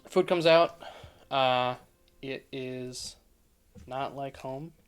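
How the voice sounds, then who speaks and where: A man's voice: medium pitch, steady tone, extremely slow, faint music behind. Hesitant man running a tabletop game. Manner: hesitant, many ums and restarts. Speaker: game master.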